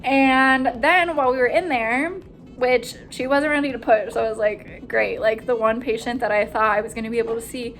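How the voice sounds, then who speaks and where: A young woman, a nursing student, excitedly retelling a hospital story in a casual vlog, full of "like" and acted-out quotes. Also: a little high, moderate pace, faint music behind. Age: young adult. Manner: animated, breathless retelling with frequent "like" and quoted voices.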